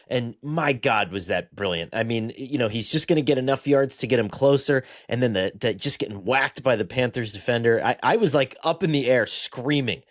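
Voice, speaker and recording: Brief: male guest analyst, mid-pitched, animated, dry close sound. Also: normal speed, few pauses, dry recording. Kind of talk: casual sports podcast chat.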